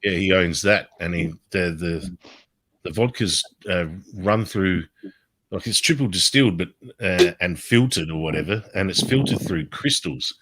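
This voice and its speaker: A man's voice: low voice, moderate pace, a bit bright, no echo, low-quality recording. A man with an Australian accent chatting casually, laid-back and hesitant, with chuckles. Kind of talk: casual chat.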